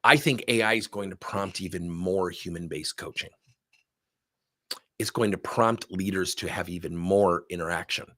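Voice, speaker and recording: A middle-aged man giving an energetic webinar talk as a training consultant, with a husky voice. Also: low voice, normal speed. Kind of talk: webinar presentation.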